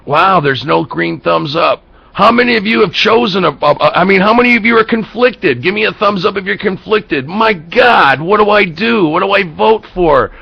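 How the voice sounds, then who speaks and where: A man's voice: high-pitched, lively intonation, normal speed, vocal fry, husky, no echo, lo-fi sound. An American man hosting an internet talk show, ranting bluntly about politics with profanity and heated rhetorical questions. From United States. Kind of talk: political commentary rant.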